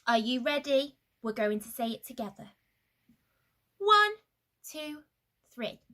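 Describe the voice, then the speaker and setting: A woman leading an interactive children's story sound journey. She drops to hushed whispers, then bursts out excitedly, and she leads chanted sound effects. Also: fairly high pitch, normal speed. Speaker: children's activity leader.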